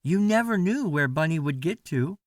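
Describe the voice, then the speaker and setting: Man, bedtime story read-aloud, high voice, very lively, slow, dry close sound. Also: dry recording. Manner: slow, sing-song, expressive. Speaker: parent reading a bedtime story.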